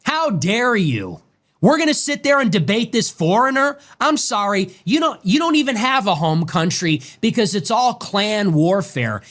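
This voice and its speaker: High-voiced man in a furious rant. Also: very animated, moderate pace, fairly bright tone. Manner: furious, swearing, sarcastic. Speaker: commentator. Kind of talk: angry profane rant.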